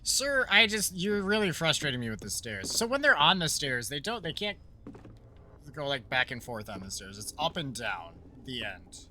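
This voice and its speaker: Brief: male let's-play streamer, bright voice, jokey, rambling asides, swings up and down a lot. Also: medium pitch, big pitch swings, moderate pace, a little hiss or hum. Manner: rambling, joking, thinks out loud. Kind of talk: casual gameplay commentary.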